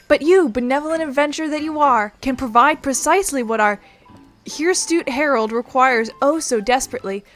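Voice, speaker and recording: A woman's voice: sits high, a little fast, a bit bright, soft background music, pitched above the performer's own voice. A woman voicing a grand courtly noblewoman who speaks in flowery, theatrical, old-fashioned lines.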